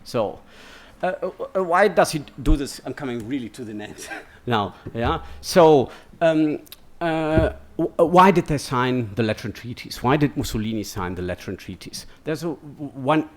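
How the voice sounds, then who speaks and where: A man's voice: medium pitch, lively intonation, normal speed, few pauses. A man giving an academic lecture in a digressive way, checking in with "yeah?" and "no?" as he goes. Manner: digressive, keeps asking "yeah?" and "no?".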